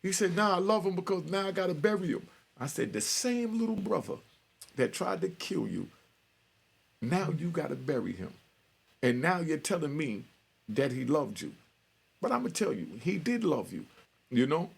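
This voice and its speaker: Raspy gravelly guy, middle-aged, telling a street story casual, doing both sides of the calls. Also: a little high, big pitch swings, normal speed, pauses often. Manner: street-talking, retells conversations with quoted voices. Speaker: storyteller host.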